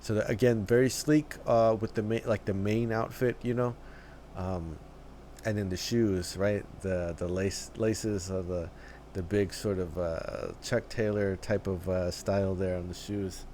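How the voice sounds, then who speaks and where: A man hosting a reaction video, talking casually in halting phrases with many fillers and restarts, often tagging "right?" and "dude.". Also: low-pitched, steady tone, darkish tone, a little hiss or hum.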